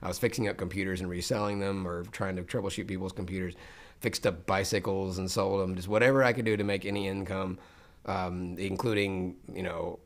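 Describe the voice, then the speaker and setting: Brief: very low-voiced man from Memphis, lively storyteller, guest voice actor in a relaxed chat. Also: fairly quick. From Memphis, Tennessee. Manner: animated storyteller who slips into voices. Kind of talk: casual interview chat.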